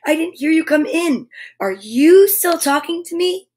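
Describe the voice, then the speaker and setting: A woman's voice: extremely high pitch, expressive, unhurried, a little mellow, pitched above the performer's own voice. A woman reading a children's storybook aloud, voicing a little toy boy who drives a car and gets easily upset, with plaintive, emphatic repeats. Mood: relieved.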